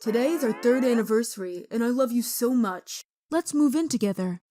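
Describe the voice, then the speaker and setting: A woman's voice: on the high side, expressive, a little fast, mellow, natural voice. A woman voicing a young man in a storytime video, casual and easygoing in manner. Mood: smitten. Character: young man, boyfriend torn between two girls.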